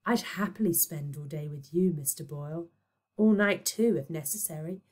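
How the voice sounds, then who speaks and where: A woman voicing a flirtatious goddess who speaks in a breathy, purring voice. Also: medium pitch, lively intonation, a little slow, pitched above the performer's own voice, close to an everyday voice. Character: flirtatious goddess posing as a mum.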